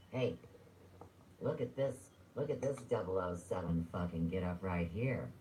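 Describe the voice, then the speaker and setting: Deep-voiced man in a profane rant. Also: moderate pace, a little mellow, slight background noise, poor audio. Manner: profane, rambling, sarcastic. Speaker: livestreamer. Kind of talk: rambling livestream rant.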